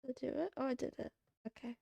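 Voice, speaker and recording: A woman livestreamer chatting casually to her audience, rambling and excitable, tossing in meows between remarks. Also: high voice, fast, vocal fry, husky, no echo. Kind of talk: casual chat to a live audience.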